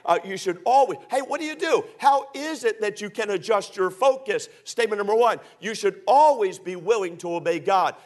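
A male preacher delivering a sermon in an emphatic manner, repeating his points and acting out quoted voices. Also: sits high.

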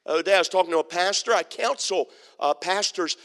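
A man's voice: high-pitched, quick pace, in a large hall. A man preaching a sermon as a pastor, telling stories with humor and acting out the people in them. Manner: storytelling, animated, with acted-out quotes and humor. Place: church sanctuary.

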